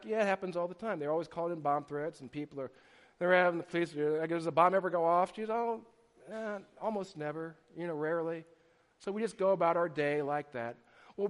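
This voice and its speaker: Middle-aged man, pastor giving a sermon; animated, stumbling restarts, fairly high voice, reverberant church. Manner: animated storytelling with repeated restarts. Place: church sanctuary. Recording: long hall reverb.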